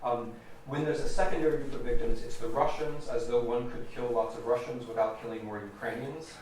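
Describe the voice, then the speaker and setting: An American man delivers a public lecture with emphatic, deliberate stress, circling back to repeat his key points. His mid-pitched voice sounds set back from the mic, in a very reverberant hall with a faint hum of ambience. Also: fairly even intonation, darkish tone. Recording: echoey hall recorded from a distance.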